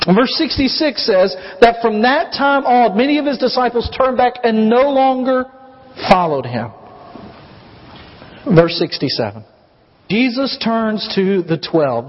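A man preaching a sermon as pastor, telling the story in an animated way and acting out voices. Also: extremely high pitch, measured pace. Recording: muffled recording with long hall reverb.

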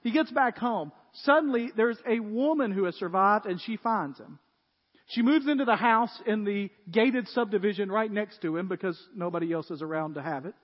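A man preaching a sermon as pastor, telling stories and becoming animated as he retells a scene. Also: sits high, normal speed. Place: church. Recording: dull, echoey church hall.

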